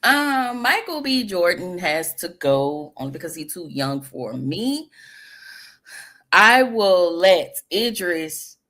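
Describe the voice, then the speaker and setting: A woman's voice: medium pitch, a bit bright. A woman on a casual live-stream chat, speaking playfully and teasingly.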